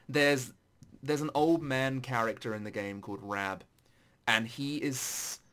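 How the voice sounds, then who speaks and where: A man in casual chat about video games, animated and swearing, his voice jumping high when excited. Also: takes it slowly.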